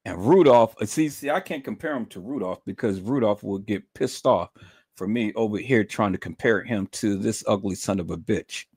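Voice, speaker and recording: A man's voice: on the low side, normal speed, a little mellow, husky, no room sound, studio quality. A man ranting on a livestream, profane, mocking and repetitive. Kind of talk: livestream rant.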